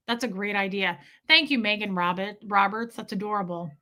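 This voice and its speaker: A young woman hosting a live stream, chatting casually and reading out viewers' names in an animated, chatty way. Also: medium pitch, normal speed. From Midwest US. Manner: chatty, animated, reads chat names aloud. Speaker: livestream host.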